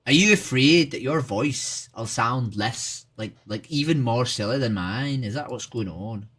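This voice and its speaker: A man's voice: mid-range voice, a little slow, a bit bright, slightly rough. A man with an Irish accent, casually chatting with strangers on a livestream, rambling with lots of filler words and swearing. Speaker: streamer.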